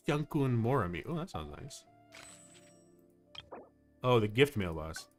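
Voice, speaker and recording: A man chatting casually on a game livestream, rambling and excitable, with many fillers. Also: mid-range voice, unhurried, pauses often, soft background music. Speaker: VTuber streamer. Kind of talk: casual livestream chat while gaming.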